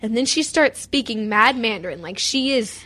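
A woman's voice: fairly high pitch, lively intonation, moderate pace, pushed and bright. A teenage girl from Texas co-hosting a chat show, rambling through stories with frequent giggles. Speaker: co-host. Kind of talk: casual chat.

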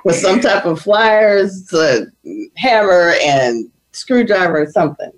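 A woman hosting a talk show, speaking in a calm, captivating way and agreeing with her guest. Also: on the low side, slow, poor audio. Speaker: podcast host. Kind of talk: casual talk show chat.

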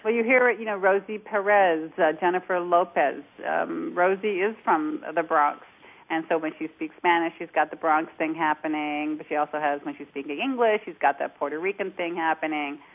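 Accent coach guest, a lower-voiced woman, lively explainer, heard over a phone line. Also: normal speed. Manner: animated, demonstrates accents while explaining. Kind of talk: conversational interview.

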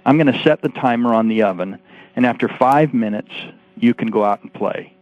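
A patient, clever mother lays out a plan for her young son, as a man puts her on in his radio story. She speaks calmly, at an ordinary pitch. The broadcast sounds slightly dull. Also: a little fast, no room sound, close to an everyday voice. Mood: kindly.

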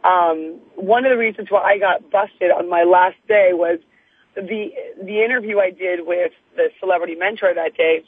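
A woman guest with a raspy morning voice, talking in a chatty, effusive way during a phone interview. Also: fairly low pitch, moderate pace, no echo. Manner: chatty, effusive, laughs often. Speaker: guest, TV news reporter. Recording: tinny phone line, dry.

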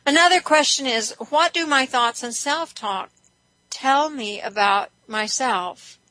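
A middle-aged woman from West Texas, a hypnotist hosting a reflective self-help talk show, guiding listeners gently with a stream of questions. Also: high-pitched, slow, no room sound, rough recording. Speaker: host and hypnotist.

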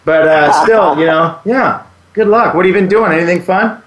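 A man's voice: high-pitched, normal speed, a bit bright, echoey room. A man co-hosting a casual radio talk show, telling a laughing story and acting out the quoted dialogue. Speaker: co-host.

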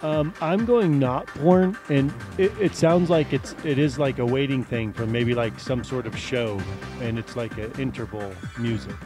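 A man's voice: mid-range voice, a little slow, music in the background. Rambling man guest in casual chat. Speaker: podcast guest.

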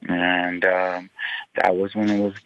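A low-voiced man with a gravelly, creaky edge tells his story as a radio guest over a tinny phone line. He talks haltingly and keeps restarting his sentences. The sound is dry and close, with no room around it. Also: flat delivery, fairly bright tone, no room sound. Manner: halting, with many repeated restarts. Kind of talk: emotional personal account.

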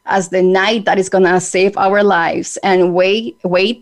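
A woman with a Spanish accent hosting a podcast, talking in an earnest, measured way with hesitant fillers. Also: lowish voice. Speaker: podcast host. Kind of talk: reflective podcast talk.

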